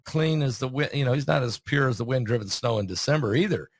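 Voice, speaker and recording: A medium-pitched man, a host and preacher, talks fast in a casual conversation, chatty and full of filler words. He keeps asking leading questions, and the clean studio sound has no echo.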